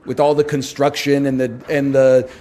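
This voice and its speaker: A man chatting casually on a stream, telling long rambling stories in a lively, joking way. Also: medium pitch, moderate pace. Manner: rambling, animated, jokey storyteller. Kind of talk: casual storytelling chat.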